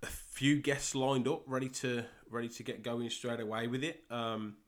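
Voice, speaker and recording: A young man with a West Midlands English accent, hosting a solo soccer podcast and talking in a halting way with many fillers and repeated words. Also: mid-range voice, little pitch movement. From England. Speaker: podcast host and soccer coach.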